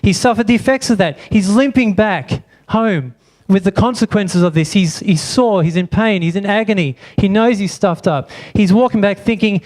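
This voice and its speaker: Brief: male pastor, fairly high voice, preaching and quizzing the congregation in church. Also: normal speed, darkish tone. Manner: asks the congregation many rhetorical questions. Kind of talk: sermon.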